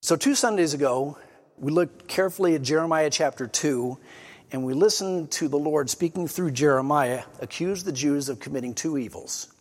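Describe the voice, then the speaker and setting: A man's voice: fairly high pitch, normal speed, long reverb tail. A man preaching a sermon, explaining scripture in an earnest teaching manner and reading passages aloud with emphasis. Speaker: pastor.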